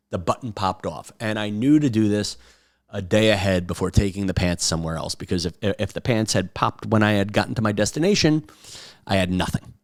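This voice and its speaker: A man's voice: fairly low pitch, animated, brisk, no echo, studio quality. A man from Long Island hosting a casual comic podcast monologue from his home kitchen, rambling with lots of fillers. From Long Island, New York. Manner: rambling, with frequent "uh" fillers and restarts. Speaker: podcast host. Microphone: camera recording at a desk.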